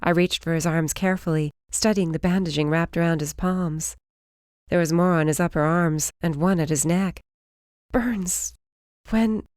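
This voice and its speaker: Female audiobook narrator, lower voice, dry close recording, steady first-person read. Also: moderate pace, clear, resonant tone, no room sound.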